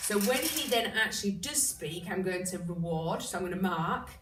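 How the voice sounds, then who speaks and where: A woman's voice: moderate pace, hardly any pauses, music in the background. Woman, dog trainer, casual how-to delivery, recorded from afar in a reverberant room. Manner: chatty explaining, with bursts of high excited praise to a dog. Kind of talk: casual instructional talk. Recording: roomy echo, distant mic, background noise.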